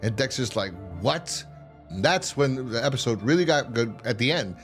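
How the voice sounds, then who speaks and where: A man hosting a casual TV review, rambling and swearing as he acts out characters' lines in quick voices. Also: medium pitch, animated, soft background music. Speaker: podcast host reviewing a TV series.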